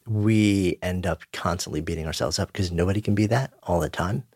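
A man hosting an interview, asking questions and reflecting in a measured, thoughtful way. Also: low-pitched, darkish tone, slightly rough, dry recording, clean studio sound. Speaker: host.

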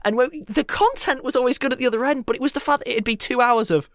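A man co-hosting a casual podcast Q&A, animated and teasing, quick to laugh. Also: very high-pitched, no room sound, clean studio sound. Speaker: podcast co-host.

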